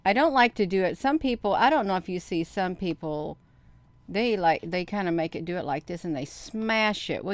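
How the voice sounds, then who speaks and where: A middle-aged woman hosting a video, chatting casually to viewers, counting out loud and getting excited. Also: on the low side, dry recording. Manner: counts aloud, talks straight to viewers. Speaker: video host. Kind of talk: casual screen-share commentary.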